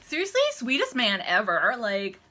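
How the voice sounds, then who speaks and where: A Canadian woman in her thirties tells a personal story straight into her camera, chatty and animated. Her voice is bright and clear, and she slips into other people's voices when she quotes them. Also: fairly high pitch, moderate pace, a little hiss or hum. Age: 30s. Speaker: vlogger.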